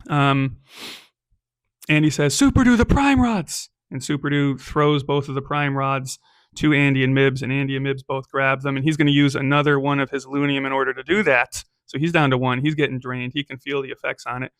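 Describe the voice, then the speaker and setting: A man's voice: mid-range voice, little pitch movement, fairly quick, fairly bright tone, clear, resonant tone, no room sound, studio quality. A man narrating a solo tabletop game as game master, casual and chatty, peppering his telling with "right?" and "um".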